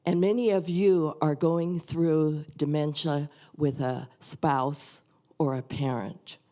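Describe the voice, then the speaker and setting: An older woman reading a prayer and then sharing a personal story at a church service, soft and earnest. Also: deep voice, fairly even intonation, takes it slowly. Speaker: guest reader at a church service. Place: church sanctuary.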